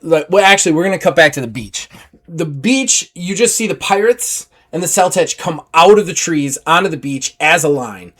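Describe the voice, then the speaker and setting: A man narrating as game master of a tabletop role-playing game, animated and laughing, bursting into shouted character lines. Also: a little high, moderate pace.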